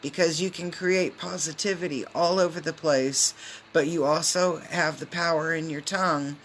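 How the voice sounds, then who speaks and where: A woman giving a casual live tarot reading on a phone, chatty and loose, with lots of filler ums and quick hellos to her viewers. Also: low voice, a little hiss or hum. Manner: greets viewers mid-reading. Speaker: tarot reader.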